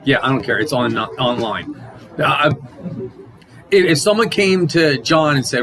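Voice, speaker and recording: Animated man teaching Sunday school. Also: fairly high pitch, normal speed, low-quality recording. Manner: animated, acts out quotes, frequent restarts. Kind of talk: casual Bible lesson.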